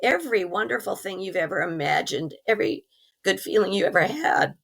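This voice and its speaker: Hoarse woman with a gravelly voice. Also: mid-range voice, fairly quick. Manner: earnest, animated storytelling with small laughs. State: hoarse, recovering from pneumonia. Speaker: interview guest. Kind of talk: telling a personal story.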